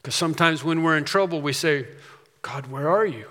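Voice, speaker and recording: Bright-voiced man preaching in an echoing hall. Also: on the high side, unhurried. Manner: emphatic, repeats key phrases. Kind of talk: sermon. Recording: long reverb of a large hall.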